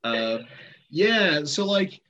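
A man's voice: on the high side, very animated, drawn-out words, bright, forceful tone, a little hiss or hum. Guy rambling on, lots of um and like, muffled audio. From Britain. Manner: rambling, self-deprecating, many fillers and restarts. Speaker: interview guest. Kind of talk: casual conversation.

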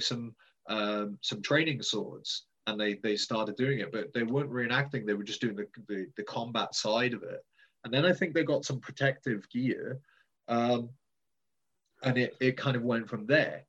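A man chats loosely as an interview guest, trailing off and restarting with plenty of ums and likes. His voice sits at an ordinary middle pitch. The recording is a little dull and muffled. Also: a bit bright. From Britain. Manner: rambling, self-deprecating, many fillers and restarts. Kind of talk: casual conversation.

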